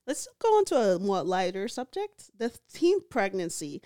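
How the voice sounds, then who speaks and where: Woman, clear voice, dry close mic, joking casual chat, big reactions. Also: medium pitch, normal speed, no room sound. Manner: expressive, joking, loud exclamations. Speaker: podcast co-host.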